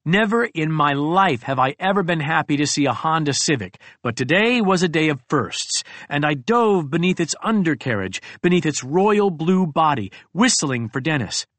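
A man narrates a first-person audiobook with a slightly raised pitch, throwing his voice up and down to sell the comedy. The recording is close and dry, with no room sound around him. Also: no room sound. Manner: expressive, comic storytelling with big pitch swings.

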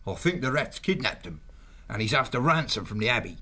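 A man's voice: mid-range voice, sing-song, fairly quick. An actor playing a clever, sarcastic male woodland creature who mocks his partner. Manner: sarcastic, sharp. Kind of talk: audiobook character voice.

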